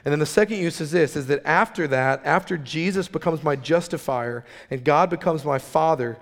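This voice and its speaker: A man's voice: fairly high pitch, moderate pace, in a large hall. A man preaching a sermon, earnest and conversational, asking the listeners question after question. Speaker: pastor.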